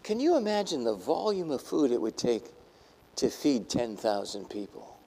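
A man preaching a sermon, telling a Bible story in lively fashion and acting out the people in it. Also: mid-range voice, normal speed, gravelly, slightly rough, in a large hall. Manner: animated storytelling, voicing biblical figures. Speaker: pastor.

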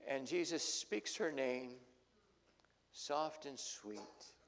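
A man's voice: medium pitch, animated, drawn-out words. Dramatic storytelling male pastor in a hall. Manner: storytelling, dramatic swings from loud to hushed. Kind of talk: sermon. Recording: long hall reverb.

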